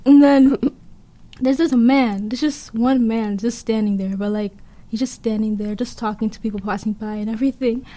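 A woman's voice: fairly high pitch, fairly even intonation, normal speed, warm tone. A young woman casually telling a funny story, often breaking into giggles. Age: young adult. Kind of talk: casual chat.

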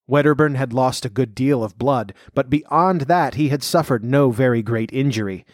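A man narrating a classic story in an audiobook reading, measured and slowing in tense passages. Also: medium pitch, no room sound, clean studio sound.

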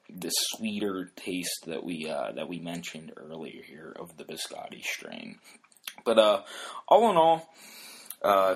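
A man's voice: sits low, a bit bright. A man hosting a solo podcast, explaining in a casual, rambling way with many fillers, restarts and "if you will" asides. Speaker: podcast host.

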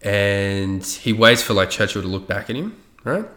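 Low-voiced guy rambling in an echoey room. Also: animated, normal speed, pushed and bright. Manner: rambling, swears often, loose with facts. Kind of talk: casual storytelling chat.

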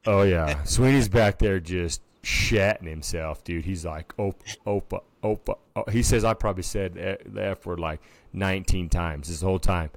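On a casual podcast, this co-host chats in a low voice at a moderate pace with few pauses, animatedly telling a story full of filler words. The recording has no room sound.

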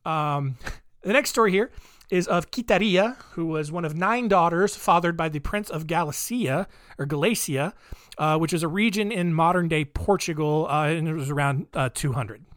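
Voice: mid-range voice, moderate pace, a bit bright, no room sound. Podcast host riffing on old saint stories, sarcastic and rambly, uh's everywhere, dead dry room. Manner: sarcastic, rambling, many fillers. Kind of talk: comic retelling of saint stories.

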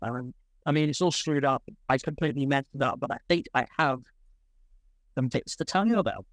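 A young man co-hosts a casual podcast, rambling, interrupting himself and laughing often as he talks. His mid-range voice is fairly bright and a little fast, recorded in studio quality with no room sound.

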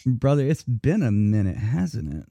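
A man's voice: medium pitch, sing-song, unhurried, gravelly, mellow, dry recording. A man hosting a live internet radio talk show, chatting loosely and laughing as he goes. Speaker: host. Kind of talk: casual live radio chat.

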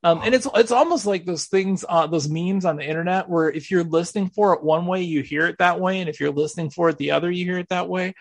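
Gravelly man explaining audio clips. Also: high-pitched, quick pace, hardly any pauses, dry recording. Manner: mock-serious, walks through audio clips. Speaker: podcast host. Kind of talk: casual radio chat.

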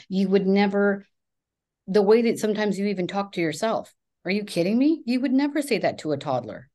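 A woman's voice: mid-range voice, darkish tone. A woman therapist in her thirties or forties giving candid, emphatic advice in casual conversation, swearing freely. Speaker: therapist, podcast guest.

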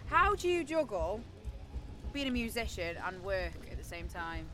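Bright chatty woman interviewer. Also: medium pitch, big pitch swings. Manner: chatty, jokey, quick asides. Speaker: music interviewer. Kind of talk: casual festival interview with quiz. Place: outdoors at a music festival.

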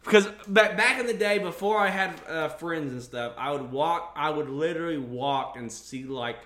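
A man's voice: on the high side, animated, moderate pace, fairly bright tone. A young man chatting casually on a podcast, telling stories in a profane, rambling way full of restarts. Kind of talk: casual chat. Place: studio under bright lights. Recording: roomy echo.

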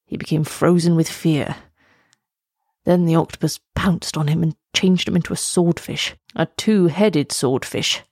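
Storybook: woman doing a tired old male turtle, low, measured, explanatory, dry sound. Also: darkish tone, slightly rough, no echo, full character voice. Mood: weary, explaining. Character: weary old male sea turtle, patient and wise. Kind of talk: storybook reading.

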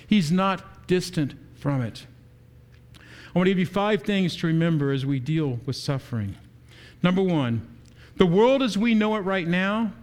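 A high-pitched male pastor preaches a sermon with animation, putting rhetorical questions to the congregation.

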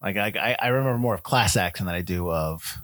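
A man's voice: low voice, fairly quick, no room sound. A man in his forties co-hosting a casual chat, laughing often. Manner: laughing, animated. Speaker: podcast co-host.

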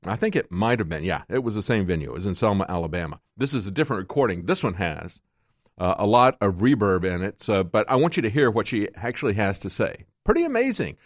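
A man's voice: fairly low pitch, sing-song, fast talker, no room sound, studio quality. A man hosting a political talk show, delivering a mocking commentary monologue with sarcastic asides.

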